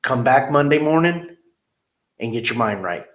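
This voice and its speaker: A middle-aged car dealership manager, interviewed, narrates a story with animation, dramatizing the quotes. His voice is medium-pitched and his pace normal.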